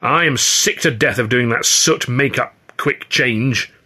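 A man's voice: medium pitch, unhurried, sharp tone, husky. A man voicing a resentful male comedian in a stage troupe, whining and nasty as he complains. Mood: aggrieved.

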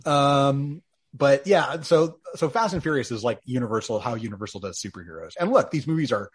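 A man co-hosts a podcast in casual chat, wry and sarcastic, frequently laughing at his own jokes. His voice is mid-range and expressive with a breathy edge, and he talks a little fast.

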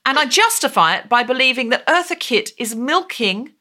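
A woman's voice: high-pitched, animated, normal speed, pushed and bright. A woman hosting a comedic podcast over a video call, playful and theatrical, with mock indignation. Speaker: podcast host. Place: home, recorded remotely over Zoom.

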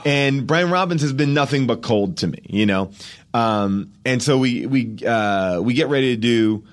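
Animated man telling a comic story. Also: medium pitch, moderate pace. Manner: animated storyteller, acts out quoted people in shifting voices. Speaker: podcast guest. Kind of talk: comic anecdote in casual chat.

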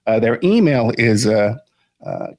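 A man's voice: on the low side, huge pitch swings, unhurried, creaky, darkish tone, no room sound. A man hosting a podcast, talking casually with many fillers and restarts. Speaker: podcast host. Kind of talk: casual interview.

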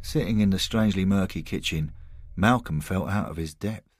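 A man reading a scripted story as narrator, measured and expressive. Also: low-pitched, dry recording, soft background music.

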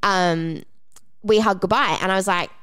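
This woman tells a story on a podcast in a lively, casual way and acts out each quoted line. Her voice is smooth and clear, and she swears freely as she talks. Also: mid-range voice, moderate pace. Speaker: podcast co-host.

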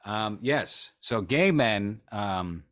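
A man's voice: fairly low pitch, expressive, very slow, a bit bright. A man co-hosting a podcast, talking in a rambling, sarcastic, joking way. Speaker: podcast co-host. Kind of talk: casual chat.

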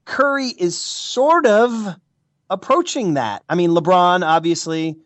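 An American man, a regular pundit, talking sports in a casual, animated way with playful mock emotion. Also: high voice, slow pace, no echo. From United States. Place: California, Bay Area.

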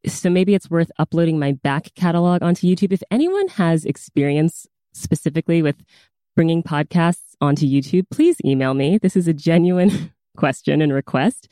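A woman's voice: deep voice, normal speed, warm tone, no room sound, studio quality. A woman hosting a podcast, chatting enthusiastically in a casual, rambling way as she introduces a guest. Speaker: podcast host.

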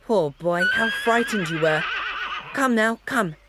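A woman's voice: mid-range voice, a little slow, heavy background noise, natural voice. A woman voicing a brave boy who speaks earnestly and soothingly.

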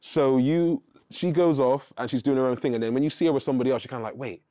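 A man's voice: medium pitch, quick pace, dark tone, dry recording. A young man, chatting casually in a group and reasoning things through with slang.

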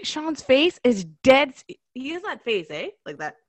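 A woman co-hosting a podcast in casual chat, telling animated stories about her kids and acting them out. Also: high voice, unhurried, no echo. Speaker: podcast co-host.

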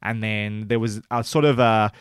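A man's voice: fairly low pitch, steady tone, moderate pace, clear, resonant tone, dry recording, studio quality. A man co-hosting a casual TV review chat, hesitant and self-conscious, often restarting his sentences. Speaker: podcast co-host.

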